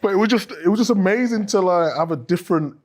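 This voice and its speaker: A man co-hosting a podcast, jokey and animated, laughing often as he chats. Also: sits high, quick pace. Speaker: podcast co-host. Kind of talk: casual podcast banter.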